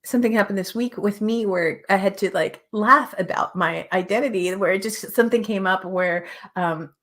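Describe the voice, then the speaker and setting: A woman hosting a show, speaking earnestly and emphatically in a motivational spiritual talk, repeating phrases and sometimes dropping to a soft whisper. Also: medium pitch, moderate pace. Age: adult with children.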